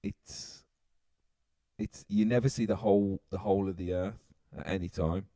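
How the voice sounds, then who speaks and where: A man's voice: low-pitched, fairly even intonation, moderate pace, dark tone, no room sound. A British man co-hosting a podcast, rambling through a theory with hesitations and laughs. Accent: British English. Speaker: podcast co-host. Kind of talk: casual chat.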